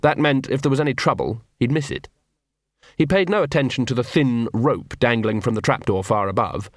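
A man narrating an audiobook in a dry, measured storytelling manner. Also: medium pitch, no room sound. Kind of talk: scripted narration.

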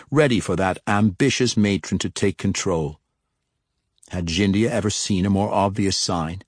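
A man reading a fantasy novel aloud as an audiobook narrator, in a measured storytelling way. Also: sits low, dry recording, studio quality.

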